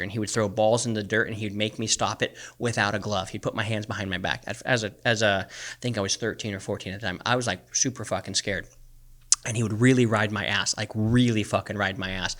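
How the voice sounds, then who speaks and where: A man's voice: lowish voice, a bit bright. A man in his forties co-hosting a podcast, ranting in a blunt, intense, profane way. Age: 40s. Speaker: podcast co-host. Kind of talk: ranting motivational podcast talk.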